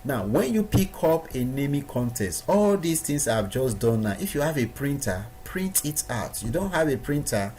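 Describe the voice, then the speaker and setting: A man's voice: mid-range voice, sing-song, moderate pace, hardly any pauses, darkish tone. A man giving a recorded training lesson to his students, stressing points by repeating words. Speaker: online business trainer.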